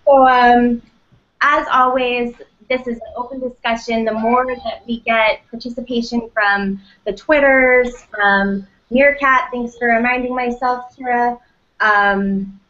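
Female co-host, relaxed and chatty, slightly high voice, muffled lo-fi sound. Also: unhurried. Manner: relaxed, with fillers. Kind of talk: casual live web show chat. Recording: dull lo-fi stream audio.

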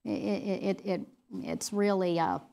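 A middle-aged woman teaches a women's Bible study in a plain, earnest, conversational way. She talks at a mid pitch, often stops to restart a thought, and leans on fillers. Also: a little slow, creaky, dark tone.

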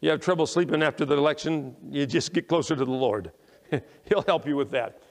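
A man preaches from the pulpit in a fairly high voice, swelling with emphasis on scripture and sinking low to reflect. He checks in with "okay?" and stumbles over restarts. His voice rings with the long reverb of a church hall. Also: fairly quick. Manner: emphatic preaching, rising when quoting scripture, dropping low and quiet to reflect. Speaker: pastor. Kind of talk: sermon. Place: church sanctuary.

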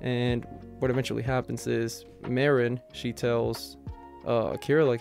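A man's voice: mid-range voice, little pitch movement, unhurried, creaky, a little mellow, faint music behind. A man casually reviewing a manga chapter, enthusiastic and rambling, filling his talk with "you know" and "like".

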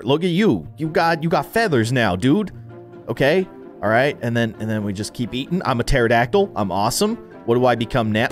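Animated young man doing game commentary. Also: medium pitch, brisk, soft background music. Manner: playful, jumps between loud excitement and mumbled asides. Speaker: gaming YouTuber. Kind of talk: let's play commentary.

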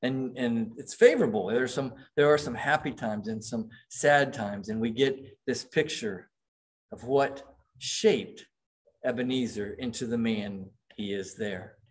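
Middle-aged pastor guy preaching, mid-pitched voice, punches up the quotes he reads. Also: unhurried. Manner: reads quoted passages aloud with dramatic emphasis. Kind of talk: sermon.

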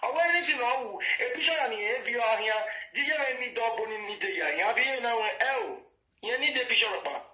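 A Nigerian Pidgin-speaking man recounts gossip in a rambling, casual way, slipping into the voices of the people he quotes. His voice sits high and cuts through sharply. The room around him rings with echo. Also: expressive, a little fast, sharp tone. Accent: Nigerian Pidgin English. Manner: rambling, acts out quoted dialogue.

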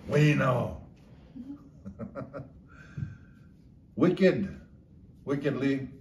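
A man with a warm, medium-pitched voice casually explains local slang, chuckling often as he slowly draws out his stories. The room is echoey, the mic slightly distant, and there's a little hiss or hum.

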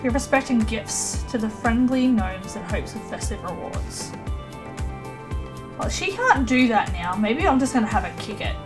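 Music plays in the background as a young let's play gamer talks through a life-sim game at normal speed. Her fairly high voice is animated; she orders the characters about and laughs frequently in this casual gameplay commentary.

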